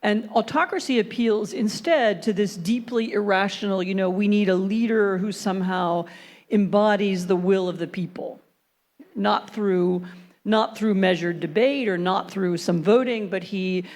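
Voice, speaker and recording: A woman's voice: mid-range voice, measured pace, darkish tone. A woman speaking on a conference panel, thoughtful and hesitant at first, then building a fluent argument. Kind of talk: panel discussion.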